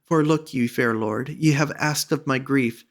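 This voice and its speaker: A man voicing a sad, tearful young maiden in a storybook reading, with a soft, pleading delivery. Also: medium pitch, measured pace, close to an everyday voice. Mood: urgent warning.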